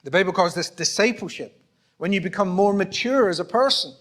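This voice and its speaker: Animated and a little fast, a Scottish pastor preaches in a high, fairly bright voice in a church auditorium. The sermon is conversational, peppered with acted-out dialogues and self-deprecating humour.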